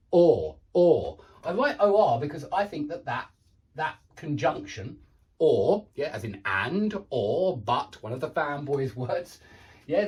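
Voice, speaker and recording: A man with a British accent talks through an English pronunciation lesson in a relaxed, chatty way. His pitch swings up and down a lot as he repeats words slowly to show how they sound. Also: rough recording. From United Kingdom. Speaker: English teacher.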